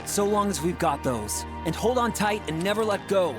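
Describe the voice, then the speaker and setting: Upbeat young soldier from a game scene, high voice, breezy pep talk, music going behind. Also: male voice, expressive, normal speed. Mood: earnest upbeat. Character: upbeat young male soldier, hopeful and earnest.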